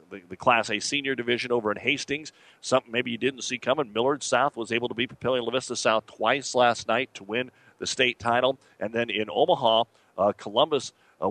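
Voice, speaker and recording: A man hosting sports radio, reading scores and news in a steady, matter-of-fact way with fillers. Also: medium pitch, dry recording.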